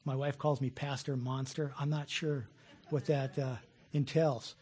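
A middle-aged man preaching a sermon as pastor, folksy and animated, telling jokes and acting out voices. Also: medium pitch, unhurried, breathy edge.

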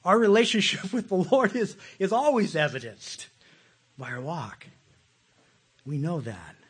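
A pastor, a man preaching a passionate sermon that swings between loud pleas and hushed, soft asides. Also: high voice, measured pace, husky.

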